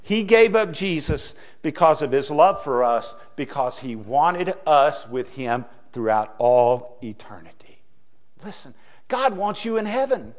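A middle-aged man preaching a sermon as pastor, folksy, swinging from hushed asides to loud emphasis. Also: a little high, big pitch swings, measured pace.

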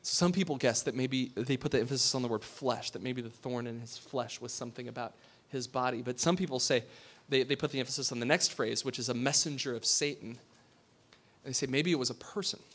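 Man preaching in a relaxed, chatty way. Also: medium pitch, fairly quick, husky. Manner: conversational, asks the congregation questions, drops to a hush for emphasis. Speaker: pastor. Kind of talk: sermon.

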